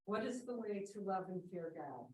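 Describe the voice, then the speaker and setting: A woman in a class reading a passage aloud at a steady, even pace. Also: medium pitch, normal speed, slight background noise. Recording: roomy, distant classroom mic with faint ambience.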